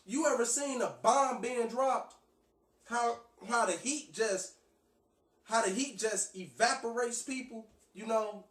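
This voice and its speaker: High-voiced preacher in an echoey room. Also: male voice, slow pace, a bit bright. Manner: loose, conversational preaching with many restarts and fillers. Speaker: street preacher. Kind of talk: preaching and reading scripture. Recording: echoey, from far off the mic.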